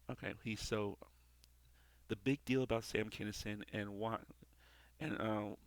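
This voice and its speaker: A man's voice: on the low side, a bit bright, dry recording. Rambling male show reviewer. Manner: rambling, repeats "okay" and "all right". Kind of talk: casual commentary.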